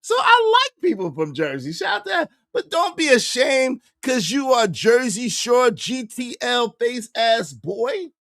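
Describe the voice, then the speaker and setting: A man hosting a livestream podcast, ranting in a repetitive, animated way and calling out his critics. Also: very high voice, a little slow, hardly any pauses, dry recording, studio quality. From New York. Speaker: podcast host.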